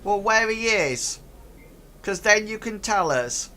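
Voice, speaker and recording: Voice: animated, slow pace, pushed and bright. A game master voicing a group of nervous, bumbling little space goblins who stammer and plead. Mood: shifty. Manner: stammering, pleading, high-pitched.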